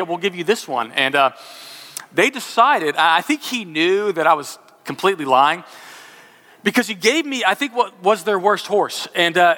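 A male preacher from Texas delivers a sermon in a fairly high, bright voice. He drifts easily into casual, self-mocking storytelling. A long hall reverb trails behind each phrase. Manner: conversational, self-deprecating storyteller. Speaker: pastor.

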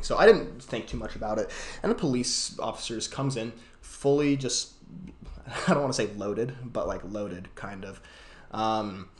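A man's voice: fairly low pitch, roomy sound. A young man hosting a podcast, telling a story in a rambling way with many fillers and restarts. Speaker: podcast host. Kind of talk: casual chat and storytelling.

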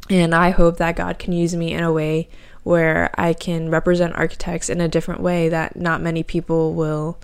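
A woman's voice: fairly low pitch, clear, resonant tone. A young woman hosting a faith podcast, telling a personal story in casual, emotional speech full of fillers. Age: young adult. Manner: emotional, tearful at times, filler-heavy casual talk. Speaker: podcast host. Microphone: home podcast mic.

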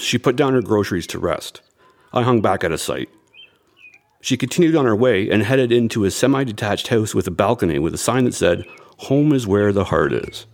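In an audio drama, an actor voices a young amateur detective narrating his own story in a measured, tense manner. His voice is lowish, gravelly and darkish.

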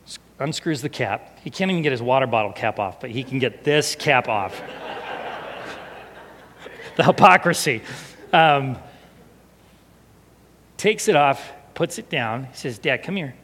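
A male pastor telling a personal story in a sermon, animated and expressive, sometimes falling to a hushed, emotional tone. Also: mid-range voice, unhurried, pauses often. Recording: long hall reverb.

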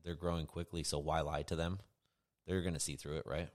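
Low-voiced man in earnest chat. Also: flat delivery, a little fast. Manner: reflective, earnest, often affirms with "right". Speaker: podcast co-host. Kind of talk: casual conversation.

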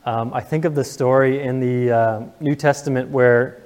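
A man's voice: medium pitch, fairly even intonation, moderate pace, a little mellow, clean tone, in a large hall. A young man preaching a sermon to his congregation, earnest and emotional, asking the room questions. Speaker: pastor. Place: church sanctuary.

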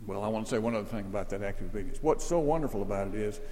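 A man preaching an expository sermon with earnest conviction, climbing to emphatic peaks and then sinking low and quiet. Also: expressive, very fast, long reverb tail, slight background noise.

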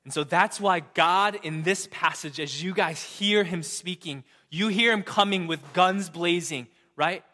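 A young man preaching a sermon, emphatic, often asking the crowd "right?" and dropping from loud to hushed. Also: sits high, unhurried, few pauses. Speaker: pastor. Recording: long reverb of a large hall.

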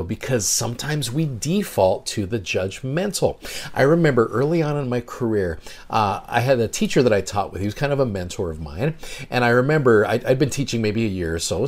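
A man's voice: mid-range voice, a little mellow. Earnest man giving a devotional talk. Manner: earnest, reflective storytelling. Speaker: seminary teacher and podcast host. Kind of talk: devotional talk with personal story.

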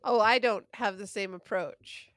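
A woman's voice: mid-range voice, a little slow, fairly bright tone, dry recording, studio quality. A woman co-hosting a podcast in casual banter, blunt and teasing, who swears freely and laughs a lot. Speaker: podcast co-host.

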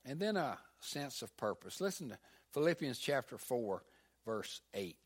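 An older man preaching a sermon as pastor, animated, swinging between loud emphasis and hushed asides. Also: mid-range voice, a little slow, slightly rough.

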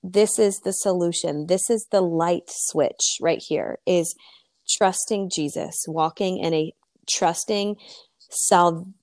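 A woman speaking earnestly about faith on a podcast, close to tears, with a gravelly voice. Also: fairly low pitch, takes it slowly, a little mellow, no echo. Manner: earnest, tearful, preaching tone.

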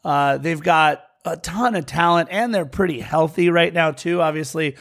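A man co-hosting a casual soccer podcast, recapping matches in a quick, joking way. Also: a little high, fairly bright tone. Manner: quick, jokey recap delivery. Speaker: podcast co-host. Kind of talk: casual sports podcast chat.

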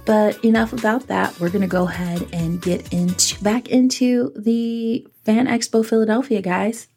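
A woman podcast host talks in a relaxed, chatty way, tossing in ums and poking fun at herself. Her voice sits low and rough, with a gravelly, breathy edge and faint music underneath. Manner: chatty, self-deprecating, many ums. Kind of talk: casual podcast narration.

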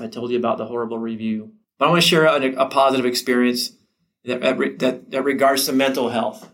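A man's voice: mid-range voice, fairly bright tone. Middle-aged man, teacher, conversational advice talk, mid-range voice, restarts and self-quoting asides. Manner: conversational, repeats words and restarts, acts out his own inner dialogue. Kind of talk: casual motivational talk to camera.

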